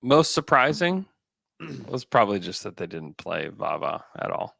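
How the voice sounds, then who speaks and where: A man co-hosting a basketball podcast, talking in a relaxed way and thinking aloud with fillers and restarts. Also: mid-range voice, measured pace, vocal fry, no echo. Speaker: podcast co-host. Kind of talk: casual basketball chat.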